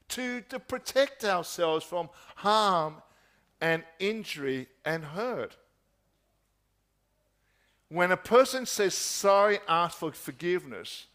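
A man preaching a sermon, asking repeated rhetorical questions and dropping his voice soft at key points. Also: sits high.

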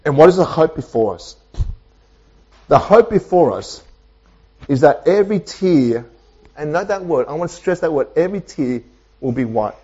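A male pastor delivering a sermon in a church, preaching emphatically with repetition and dramatic pauses. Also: on the high side, animated, warm tone, slightly rough, lo-fi sound. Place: church with online Zoom audience.

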